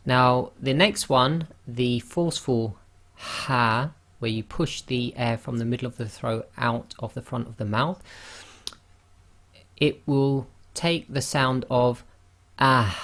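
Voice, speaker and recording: A male tutor gives an online lesson on Arabic letter sounds. He speaks slowly and carefully, stopping to demonstrate each throat sound with drawn-out repeats. His pitch sits in the middle for a man. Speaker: Arabic pronunciation teacher.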